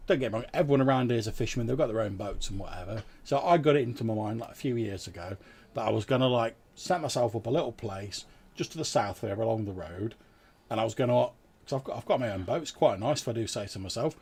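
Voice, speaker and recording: A man's voice: medium pitch, animated, quick pace, darkish tone, slightly rough. A man voicing a gossipy middle-aged ferryman in a tabletop role-playing game, rambling and full of fillers.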